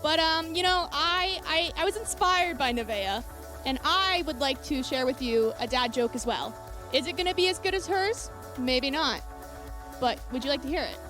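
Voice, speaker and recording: Young female co-host, high voice, playful and joking, faint music behind. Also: lively intonation, normal speed, pushed and bright. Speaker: youth show co-host. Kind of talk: playful livestream banter.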